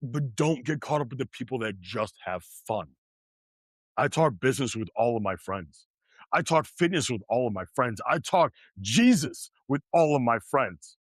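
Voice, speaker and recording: A man's voice: medium pitch, lively intonation, normal speed, breathy edge, no room sound. A man hosting a podcast, delivering a blunt motivational monologue in an emphatic, preachy way and repeating his points. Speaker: podcast host.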